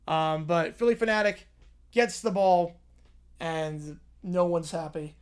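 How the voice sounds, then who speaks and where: A man hosting a casual stream, reading a story aloud with quick asides. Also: high-pitched, fairly even intonation, clear, resonant tone. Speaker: streamer host.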